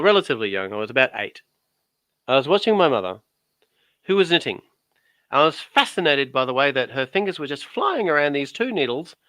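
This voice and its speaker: Bright-voiced joking man telling stories. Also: a little high, no echo. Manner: joking, rambling storyteller. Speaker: guest on his wife's craft channel. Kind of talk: casual chat.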